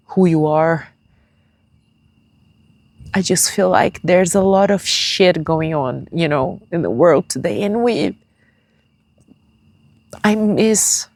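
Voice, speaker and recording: A young woman talking to her viewers in a tearful personal vlog, halting and searching for words in English, which is not her first language. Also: lowish voice, a little mellow, no echo. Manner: confiding, speaks straight to viewers. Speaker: vlogger.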